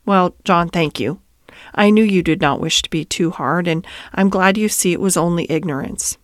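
A woman voicing a kindly male stable hand who speaks softly and coaxingly in a bedtime storybook reading. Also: fairly low pitch, normal speed, dry recording, studio quality, lightly acted. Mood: pleading. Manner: soft and coaxing. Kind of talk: storybook read-aloud.

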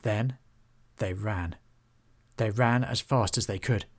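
A man narrating a children's fantasy storybook in a steady, even manner. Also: on the low side, slow pace.

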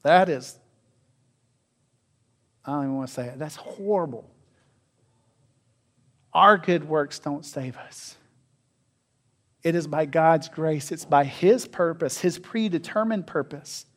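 A man preaching a sermon as pastor, asking his listeners questions and swinging between loud and quiet. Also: a little high, takes it slowly, pauses often. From North America. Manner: asks the congregation questions, varies loudness widely.

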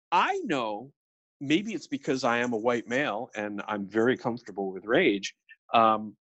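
A middle-aged man talks casually on a film podcast, restarting often and slipping into quoted asides. His voice sits at a medium pitch and is recorded close and dry, with no room sound. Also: fairly bright tone, no echo. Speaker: podcast co-host.

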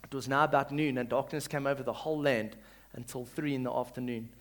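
A male pastor reading scripture and preaching, swinging between loud calls and hushed reading and leading the congregation to repeat after him. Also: mid-range voice, steady tone, fast talker. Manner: leads the congregation in call-and-response.

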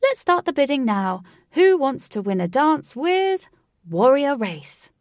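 A woman's voice: fairly high pitch, expressive, unhurried, mellow, dry recording, studio quality. A woman voicing an eccentric, flamboyant male showman who announces theatrically to a crowd.

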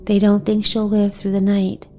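A woman's voice: mid-range voice, monotone, normal speed, dark tone, faint music behind, natural voice. A woman doing an anxious breathless young girl. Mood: despairing. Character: excitable young neighbor girl.

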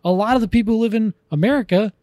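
A man's voice: high-pitched, racing, a little mellow, no echo, clean studio sound. A man co-hosting a podcast, chatting casually, rambling and enthusiastic with frequent restarts. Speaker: podcast co-host. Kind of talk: casual chat.

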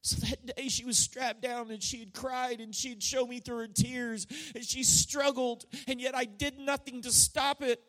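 A middle-aged pastor preaching with a high, bright-edged male voice. He tells a personal story with feeling, rising to loud declarations and dropping to near-hushed passages. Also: level tone, normal speed, few pauses. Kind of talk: sermon.

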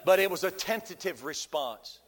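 A man preaching a sermon as pastor, folksy and animated, with humor and rhetorical questions to the congregation. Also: high-pitched, normal speed, in a large hall.

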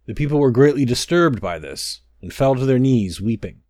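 Man, storybook narration, lively pitch, dry close recording. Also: no echo. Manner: measured, expressive reading.

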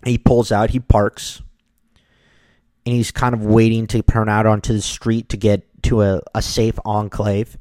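A man casually telling a personal story, lively, acting out the people in it. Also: fairly low pitch, a little slow, no room sound. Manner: animated, acts out the people in his story.

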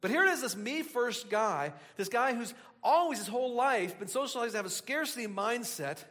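Animated high-voiced man preaching. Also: normal speed, hardly any pauses, long reverb tail. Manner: animated, chatty asides, frequent restarts. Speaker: pastor. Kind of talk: conversational sermon.

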